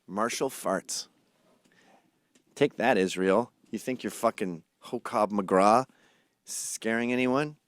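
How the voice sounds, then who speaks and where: A Scottish man hosts a comedy podcast, animatedly telling crude stories and acting out other people's voices. He speaks in a lowish voice at a slow pace with long pauses. The recording is dry.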